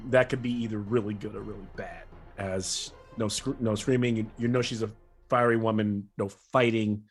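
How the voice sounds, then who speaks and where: A man's voice: on the low side, fairly even intonation, moderate pace, breathy edge, soft background music. A man running a tabletop game as game master, talking in a rambling, casual way with many self-corrections.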